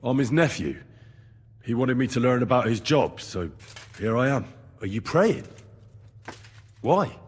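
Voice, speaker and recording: An actor playing an earnest, curious young squire in a video game, asking direct questions. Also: male voice, medium pitch, lively intonation, unhurried, long pauses, slightly rough, long reverb tail.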